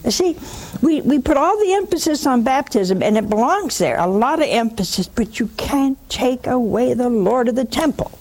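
Lady hosting a religious call-in show, kinda high voice, gets all animated then goes hushed to make a point. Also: moderate pace. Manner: animated, mocks with put-on quotes, drops to a hushed whisper for emphasis. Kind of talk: religious teaching and call-in talk.

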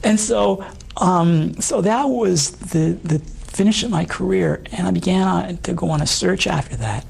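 A middle-aged man with a hoarse voice, giving an earnest personal testimony in an interview, halting with many fillers. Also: a little high, a little mellow. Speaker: guest.

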